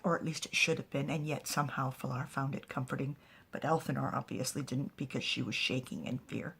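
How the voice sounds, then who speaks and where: A woman telling a serialized story in soft, hushed, half-whispered narration. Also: extremely low pitch, steady tone, a little fast, gravelly, breathy edge.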